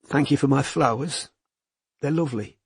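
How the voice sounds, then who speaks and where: A man voicing a young woman detective in a hospital bed, quiet and tight-throated. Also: medium pitch, normal speed, vocal fry, slightly rough, no room sound, studio quality. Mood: shaky.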